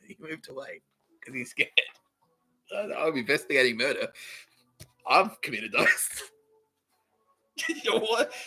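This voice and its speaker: A man's voice: sits high, pushed and bright, breathy edge, rough recording. A man hosting a podcast, rambling through a comedic monologue, laughing often, swearing and acting out quoted exchanges. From Australia. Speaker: podcast host.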